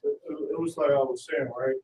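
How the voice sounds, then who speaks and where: A man speaking as a student in a live class, talking quickly in a casual, rambling way. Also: mid-range voice, fairly even intonation, a little mellow. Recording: echoey and distant, faint background hiss.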